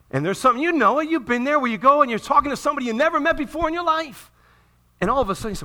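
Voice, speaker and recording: A man pastor preaching a sermon in a church, swinging between loud emphatic peaks and quiet, hushed appeals. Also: very high voice, sing-song, rapid-fire. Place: church sanctuary.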